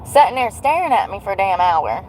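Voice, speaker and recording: A woman's voice: medium pitch, fairly quick, slight background noise, rough recording. A woman, chatting bluntly and jokingly to a livestream from her car. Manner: blunt, joking and animated, with frequent laughs. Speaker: livestream vlogger. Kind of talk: casual chat to a livestream.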